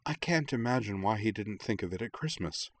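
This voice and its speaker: A man's voice: fairly low pitch, animated, a little fast, a little hiss or hum. A man voicing a resolute young woman who speaks intently and firmly. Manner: intent, firm.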